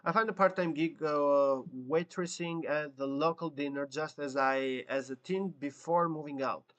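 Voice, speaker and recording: A man's voice: a little high, fairly even intonation, moderate pace, a bit bright. Man reading a text game aloud. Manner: plain reading with stumbles and self-corrections. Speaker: YouTube gamer.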